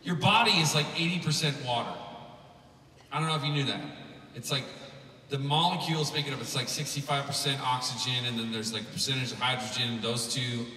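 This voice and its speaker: A man in his thirties gives a rambling, joking keynote full of fillers, his voice bright and forceful. He is picked up from a distance in a big conference hall with a long, roomy echo. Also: mid-range voice, a little fast, a little hiss or hum. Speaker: musician giving a keynote. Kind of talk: humorous conference talk. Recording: echoey hall, from far off.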